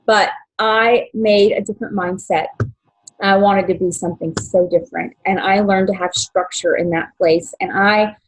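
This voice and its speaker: A young adult woman telling her life story as an interview guest, halting, with many fillers and restarts, at times emotional. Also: mid-range voice, fairly even intonation, slightly rough, rough recording. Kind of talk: personal story in podcast interview.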